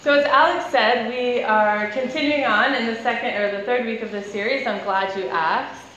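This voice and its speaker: A woman's voice: on the high side, moderate pace, fairly bright tone, lo-fi sound. Chatty woman preacher in an echoey hall. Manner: chatty, laughs while telling stories. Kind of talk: conversational sermon with storytelling. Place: church hall. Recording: echoey church hall with faint noise.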